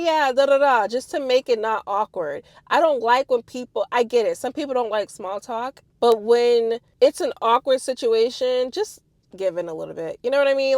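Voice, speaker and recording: Animated woman telling a story. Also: mid-range voice, no room sound. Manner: animated, swearing, addresses viewers directly. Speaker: vlogger telling a personal story. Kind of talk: casual storytime.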